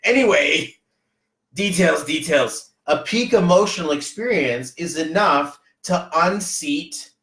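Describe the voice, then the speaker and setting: A man hosting a podcast, chatting casually and motivationally, telling rambling, animated stories full of fillers. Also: on the high side, unhurried, few pauses, roomy sound, rough recording. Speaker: podcast host.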